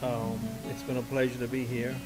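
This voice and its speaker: A man's voice: medium pitch, level tone, moderate pace, loud music behind the voice, rough recording. A man, a musician and bandleader telling a story to a live audience from the stage. He talks in a folksy, rambling way, with lots of "and, uh" restarts.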